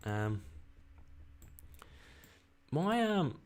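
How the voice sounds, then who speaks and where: Excited Australian man streaming live. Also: a little high, extremely slow, smooth. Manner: excited and chatty, reads out viewer messages. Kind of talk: casual live stream chat.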